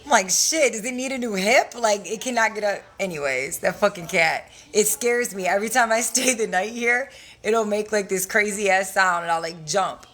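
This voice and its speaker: At a moderate pace, a young livestream host with a medium-pitched, slightly bright voice pitches credit classes. Her talk is casual and frank, peppered with profanity and frequent laughter.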